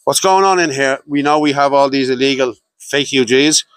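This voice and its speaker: A man's voice: medium pitch, normal speed, fairly bright tone, rough recording. Blunt Dublin man speaking at a rally. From Dublin, Ireland. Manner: blunt, emphatic repetitions. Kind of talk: rally speech.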